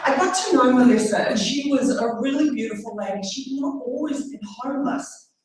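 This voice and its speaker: A woman's voice: high voice, brisk, noisy background. A woman therapist giving a motivational stage talk, telling a story to an audience. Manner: warm storytelling, engages the audience. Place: large conference hall. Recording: echoey hall, heard from a distance.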